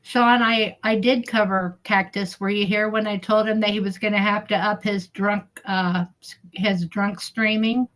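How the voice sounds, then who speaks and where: A woman's voice: medium pitch, fairly even intonation, normal speed, fairly bright tone. A middle-aged woman chatting casually on her livestream, heckling and giggling as she reads viewers' comments. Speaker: livestream host.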